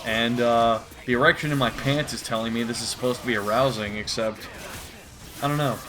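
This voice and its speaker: A man giving crude, rambling comedic commentary while reading a comic aloud, with profane deadpan asides. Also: mid-range voice, a little fast. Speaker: comedy video host.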